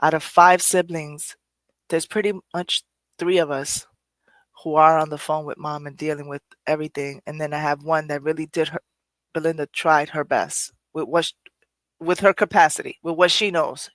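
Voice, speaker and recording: A woman's voice: low-pitched, fairly bright tone, dry recording. A middle-aged woman hosting a podcast, talking earnestly and candidly in a reflective personal way, sometimes laughing at herself. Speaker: podcast host.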